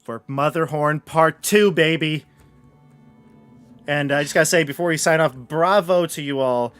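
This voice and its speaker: A fairly high-voiced man narrates a tabletop game as its game master, relaxed and chatty, dropping fillers as he goes. Faint music plays behind him. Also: unhurried, clear, resonant tone. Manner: casual, fillers while narrating.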